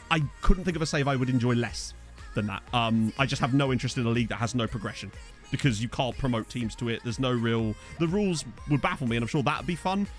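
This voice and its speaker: A tired man chatting casually as a game streamer, rambling and self-deprecating while answering viewers, with lots of fillers. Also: medium pitch. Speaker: gaming streamer. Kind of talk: casual let's-play chat reading viewer comments.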